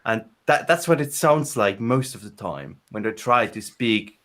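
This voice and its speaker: A man talking in a relaxed podcast chat at a middling pitch. He rambles, restarting his sentences and filling gaps with ums and uhs. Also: unhurried. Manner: rambling with many restarts and fillers. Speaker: podcast co-host. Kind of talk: casual chat.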